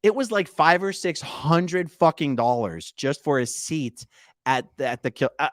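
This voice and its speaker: A man's voice: a little high, big pitch swings, measured pace, no echo, studio quality. A man co-hosting a casual podcast, playfully teasing and reading out viewer comments in bursts. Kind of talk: casual chat.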